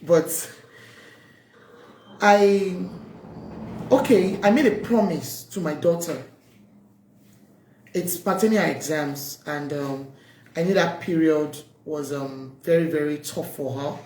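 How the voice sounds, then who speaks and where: A woman's voice: low voice, slow, pauses often, mellow, a little hiss or hum. Earnest woman advising parents. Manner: heartfelt, pleading, storytelling with many ums. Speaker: parenting speaker. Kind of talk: earnest advice talk to parents. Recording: roomy echo.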